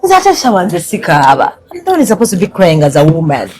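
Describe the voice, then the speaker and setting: A woman's voice: on the low side, wildly swooping pitch, fairly quick, a little mellow, slightly rough. A woman hosting a casual chat, switching between English and Luganda, teasing and then apologetic. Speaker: host.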